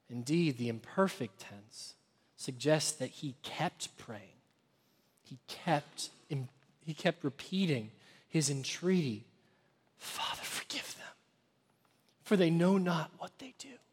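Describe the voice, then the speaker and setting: Male pastor preaching in a reverberant church hall, dramatic swings from loud to hushed. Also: mid-range voice, breathy edge. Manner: builds to loud intensity, drops to hushed whispers. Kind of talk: sermon.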